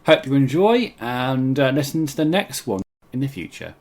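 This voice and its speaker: A man's voice: medium pitch, sing-song, moderate pace, background noise. A man co-hosting a casual podcast chat, giggling and apologizing often. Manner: giggly, keeps laughing and apologizing. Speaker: podcast co-host.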